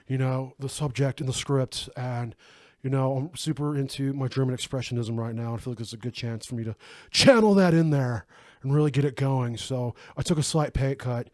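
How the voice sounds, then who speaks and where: A man's voice: mid-range voice, darkish tone, no room sound, clean studio sound. A man co-hosting a casual movie review chat, swearing freely and slipping into mock impressions. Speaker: podcast co-host.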